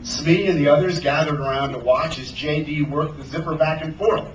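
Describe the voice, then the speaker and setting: A man, an author, reading a children's adventure novel aloud at a bookstore event with animated storytelling. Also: a little high, normal speed, dull audio, a little hiss or hum. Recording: roomy sound from a distance.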